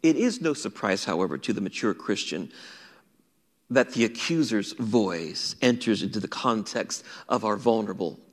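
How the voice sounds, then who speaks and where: A man preaching a sermon as pastor, swinging between raised emphatic lines and hushed near-whispers. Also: fairly low pitch, expressive, moderate pace. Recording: long reverb.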